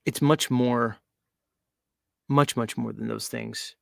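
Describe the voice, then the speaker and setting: A man's voice: mid-range voice, steady tone, slow, creaky, fairly bright tone, no room sound. Mocking, rambling male show host. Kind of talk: casual livestream talk.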